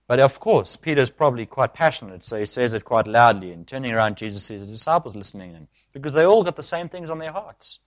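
A man preaching an expository sermon, switching into acted speech with sudden loud bursts. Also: medium pitch, animated, fast talker, few pauses.

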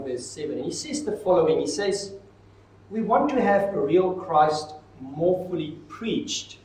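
Preacher in an echoey church. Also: male voice, a little high, darkish tone, a little hiss or hum. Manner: emphatic preaching with dramatic pauses and swells. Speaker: pastor. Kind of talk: sermon. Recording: echoey hall, mic far off.

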